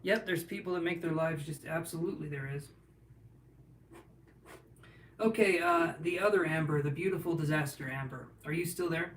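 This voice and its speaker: A man's voice: a little high, fairly quick, a bit bright, far from the mic. A man reading tarot cards on a casual livestream, chatting and joking as he answers viewers' questions. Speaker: tarot reader. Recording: roomy sound from off-mic, faint room noise.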